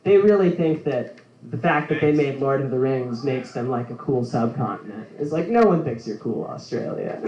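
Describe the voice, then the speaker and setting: A man's voice: mid-range voice, expressive, a little mellow. A man doing a loose stand-up set, rambling with lots of fillers and giggling at his own jokes. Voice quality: halting, filler-heavy delivery with frequent giggles. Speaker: stand-up comedian. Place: comedy club stage. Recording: roomy, dull live recording.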